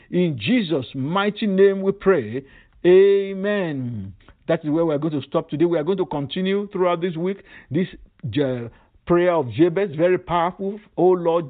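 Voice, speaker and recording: A male pastor leading a fervent prayer sermon, repeating emphatic phrases. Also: a little high. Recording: tinny phone-line sound.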